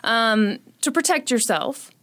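A woman's voice: a little high, animated, slow, a bit bright, no echo. Sarcastic woman podcast host, dry sound. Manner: sarcastic, jokey. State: short on sleep. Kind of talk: true crime storytelling and casual chat.

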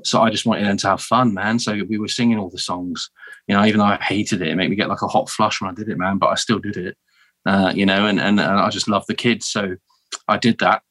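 A man in his thirties from the south of England with a southern English accent, telling stories as a guest in a casual interview, animated and full of restarts. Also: on the low side, quick pace, no echo. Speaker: guest, former marine.

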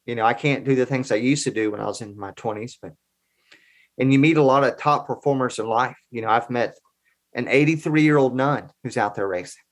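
A man's voice: medium pitch, fairly quick. A man in his forties telling personal stories as a guest in a casual interview, in an earnest, conversational way. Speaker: podcast guest.

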